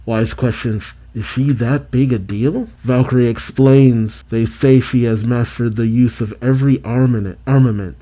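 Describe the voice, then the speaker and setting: A man with a very dark, mellow voice and mid-range pitch reads a manga chapter aloud. He gives the characters' lines in a plain reading voice and cuts in with his own asides. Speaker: manga reaction host.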